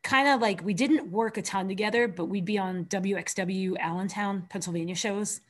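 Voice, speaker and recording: A woman's voice: medium pitch, normal speed. A woman hosting a podcast in a chatty, easygoing way. She laughs through her stories and briefly acts out what people said before going back to plain talk. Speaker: podcast host, wrestling trainer. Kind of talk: casual podcast chat.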